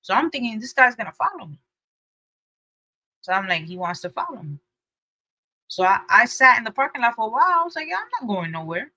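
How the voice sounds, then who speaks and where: A young woman co-hosting a podcast, telling a story in animated casual chat and acting out the people she quotes. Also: a little fast, pauses often, no echo, rough recording. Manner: lively, acts out quotes with shifting pitch and loudness. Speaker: podcast co-host.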